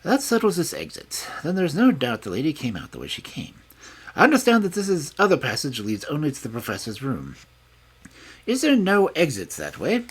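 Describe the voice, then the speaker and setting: A man voicing a sharp, confident detective who speaks in a brisk, probing way. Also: fairly high pitch, huge pitch swings, slightly rough, exaggerated voice.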